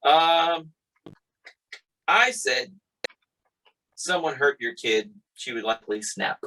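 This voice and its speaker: A man's voice: mid-range voice, takes it slowly, slight background noise, low-quality recording. A man hosting a podcast, chatting casually and acting out quoted exchanges as he tells stories. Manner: animated storyteller, acts out quotes. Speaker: podcast host. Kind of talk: casual chat.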